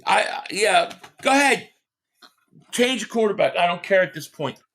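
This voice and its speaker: A man hosting a live game reaction stream, ranting in frustration, stammering and shouting at plays. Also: high-pitched, lively intonation, normal speed.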